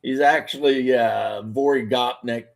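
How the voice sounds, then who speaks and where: A man's voice: mid-range voice, fairly even intonation, measured pace, creaky. A man chatting casually on a video call, rambling and hesitating as he talks. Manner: rambling, hesitant, with many fillers. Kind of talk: casual chat.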